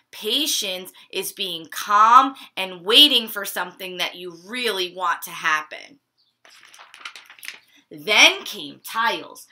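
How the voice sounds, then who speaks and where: A woman reading a picture book to children at home, pausing to ask them questions about feelings. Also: medium pitch. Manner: asks children questions, expressive. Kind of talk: children's story time read-aloud. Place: living room at home.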